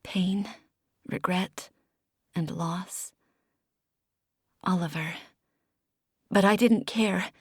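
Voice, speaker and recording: A woman narrating a fantasy audiobook in the first person, with emotional, expressive storytelling. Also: medium pitch, slow, pauses often, breathy edge.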